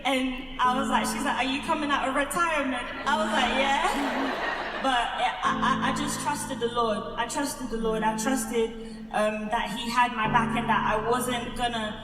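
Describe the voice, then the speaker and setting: A woman's voice: on the high side, fairly even intonation. Earnest woman in an echoey hall. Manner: earnest, halting, repeats herself. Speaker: actress giving testimony. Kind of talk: spoken testimony. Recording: echoey hall, far from the mic. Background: loud music and crowd.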